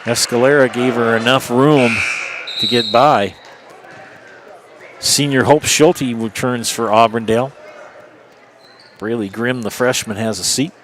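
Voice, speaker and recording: A man calling a high school basketball game play-by-play, brisk, and rising for big plays. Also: a bit bright, some chatter behind, slight background noise. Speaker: play-by-play announcer.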